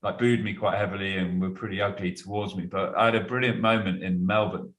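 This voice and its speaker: A man's voice: sits low, fairly even intonation, a little fast, fairly bright tone. A man, a guest cricketer, chatting casually and telling anecdotes, laughing as he goes. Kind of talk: casual storytelling. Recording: roomy echo.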